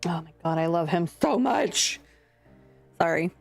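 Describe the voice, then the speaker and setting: Young woman streamer rambling to chat, swears a bit, quiet music under her. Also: fairly low pitch, lively intonation, a little slow, vocal fry, breathy edge. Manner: chatty, scattered, swearing, talking to chat. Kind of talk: casual live-stream chat. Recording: faint music behind.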